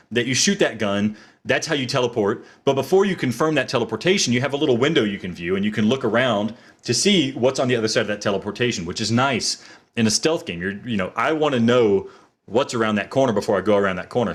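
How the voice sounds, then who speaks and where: A man reviewing a video game in a playful mock-courtroom manner. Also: on the low side.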